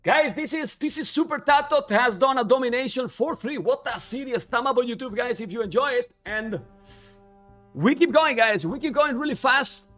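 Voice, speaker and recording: High-voiced energetic esports stream host. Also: male voice, normal speed, faint music behind. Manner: energetic, hypes the chat.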